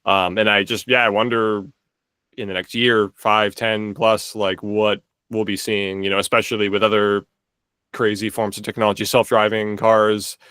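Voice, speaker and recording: A man's voice: lowish voice, level tone, normal speed, sharp tone, clean tone, no room sound. A young man in casual podcast chat, rambling with lots of filler words and restarts. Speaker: podcast co-host.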